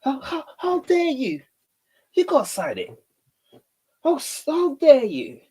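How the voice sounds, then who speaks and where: A whiny, wounded rapper voice, pitched high and swooping, sputters with indignation as he repeats himself, put on by a channel host. It is a mocking, exaggerated impression rather than a real character. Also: wildly swooping pitch, takes it slowly, a little mellow, heavily acted. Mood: outraged whine.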